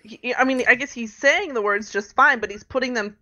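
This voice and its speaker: A woman co-hosting a podcast, chatting casually about a TV show with animated, laughing opinions. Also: fairly high pitch, fairly quick, lo-fi sound. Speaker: podcast co-host.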